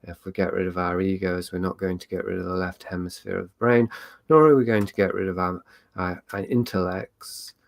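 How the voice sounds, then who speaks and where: A man's voice: low voice, steady tone, a little fast, creaky, no echo. A man hosting a live online meet, talking in a rambling, reflective way with many fillers and restarts. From England. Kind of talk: casual solo talk.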